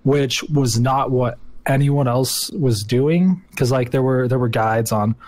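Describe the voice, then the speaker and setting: A man chatting on a pop culture podcast, with a voice that sits at an everyday middle pitch. He swears freely and jokes a lot, eager and quick to jump in. The sound is dry and close to the mic. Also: darkish tone, no echo. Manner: profane, joking, eager. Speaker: podcast co-host. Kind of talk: casual chat.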